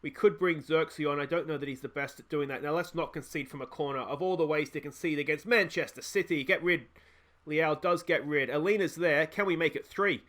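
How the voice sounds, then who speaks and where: An Australian gaming YouTuber with a fairly high, brisk voice gives excitable let's play commentary. He frets aloud over tactics and shouts whenever a goal goes in.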